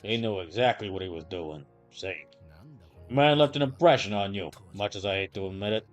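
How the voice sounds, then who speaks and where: Man doing a low gravelly gangster voice, older-brother tough guy, quiet and gruff, tacks on a "see?", voicing game dialogue. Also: lively intonation, normal speed, soft background music, close to an everyday voice. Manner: ends lines with a gangster-style "see?".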